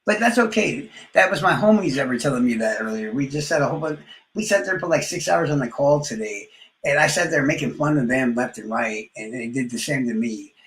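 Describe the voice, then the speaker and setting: A man's voice: medium pitch, lively intonation, fairly quick, a bit bright, roomy sound, poor audio. A man trash-talking rivals on a live stream, boastful and profane, his words often trailing off into mumbles. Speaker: livestreamer.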